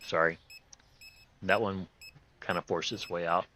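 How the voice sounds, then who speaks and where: A low-pitched man chats through a game session with a hoarse voice that is still on the mend. His tone is sharp and forceful. He rambles, cracks jokes and chuckles as he goes, in folksy, loose grammar. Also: takes it slowly, slight background noise. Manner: joking, rambling, chuckles often. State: hoarse, recovering voice. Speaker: host playing a video game. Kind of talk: casual gameplay commentary.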